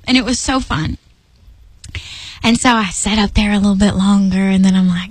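A woman telling a personal faith story in a lively, chatty way, often laughing and acting out what she said. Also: mid-range voice, normal speed, slightly rough, no room sound, rough recording. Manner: lively, chatty, laughs often, acts out her own lines. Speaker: storyteller sharing a faith testimony.

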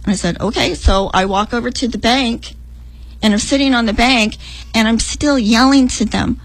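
A woman's voice: normal speed, no room sound, poor audio. A middle-aged woman telling a vivid dream with emotion, acting out her own words in a raised voice. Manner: animated, acts out her own lines in a higher voice. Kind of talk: emotional storytelling.

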